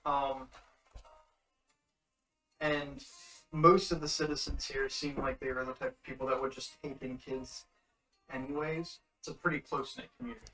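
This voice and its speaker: A man's voice: mid-range voice, flat delivery, moderate pace, pauses often, a bit bright. Laid-back man running a tabletop game. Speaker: game master. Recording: music in background, distant mic.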